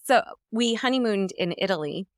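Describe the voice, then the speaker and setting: A woman's voice: mid-range voice, lively intonation, normal speed, dry recording, studio quality. A woman from New Jersey chatting casually as podcast host, telling stories with animation and acting out the lines she quotes.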